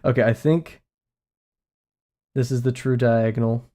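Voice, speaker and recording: Drawing on a live stream, a young man talks casually to his audience, wandering from topic to topic, teasing himself, and responding to chat. He speaks at a measured pace in a medium-pitched, steady voice with a dark tone.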